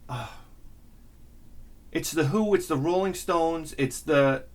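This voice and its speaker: A man hosting his own channel, telling a rambling, excitable story in a casual monologue and swearing freely. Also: on the high side, takes it slowly. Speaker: channel host.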